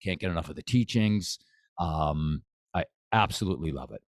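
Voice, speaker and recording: This boxing coach, a podcast guest in a casual conversation, has a deep, animated voice and a moderate pace. Enthusiastic, he repeats phrases and restarts often. It's studio-quality audio with no room sound.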